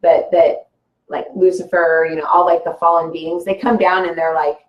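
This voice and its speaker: A woman's voice: on the low side, steady tone, moderate pace, dull audio. A woman talking casually as a guest about spiritual ideas, rambling and filling her talk with "like" and "you know.". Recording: echoey room.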